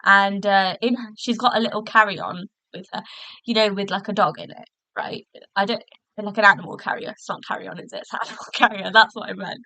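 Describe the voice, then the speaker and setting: A woman's voice: medium pitch, steady tone, brisk, gravelly, pushed and bright, dry recording, rough recording. A woman hosting a podcast, chatting casually through a review with lots of fillers and restarts, recorded in a hotel room. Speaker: podcast host.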